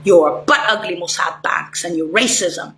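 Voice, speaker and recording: A woman's voice: on the low side, normal speed, a bit bright, slight background noise. A woman delivering a rambling, angry, profane monologue straight to the listener. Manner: ranting, swearing, rambling. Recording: roomy echo, faint ambience.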